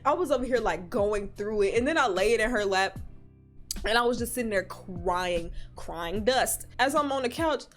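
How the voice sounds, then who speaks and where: Animated young woman telling a story. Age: young adult. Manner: animated, swearing, jumps into high squeals when retelling. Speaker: vlogger. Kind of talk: storytime vlog.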